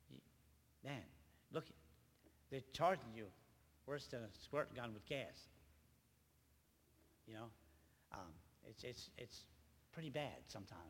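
Older man testifying in an echoing hall. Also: medium pitch. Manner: halting, repeats words, earnest and emotional. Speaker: church member giving testimony. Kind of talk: personal testimony at a church gathering. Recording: reverberant hall, faint background noise.

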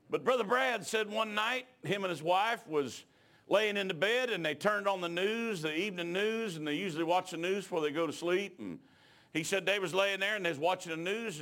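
A middle-aged man, preaching a sermon in a folksy storytelling way that builds to shouted exhortation. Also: high-pitched, moderate pace.

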